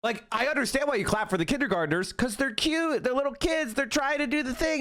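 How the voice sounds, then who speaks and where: A man ranting angrily in political commentary, profane, dropping to a mutter and then shouting. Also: extremely high pitch, animated, fairly quick, few pauses.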